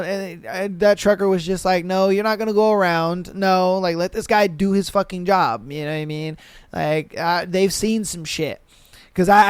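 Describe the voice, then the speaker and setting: A young man hosting a casual solo podcast, loose and profane, acting out drivers and animals in shouted voices. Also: high voice, clean tone, dry recording. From western United States. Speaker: podcast host. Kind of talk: casual solo podcast chat, reading and reacting to stories.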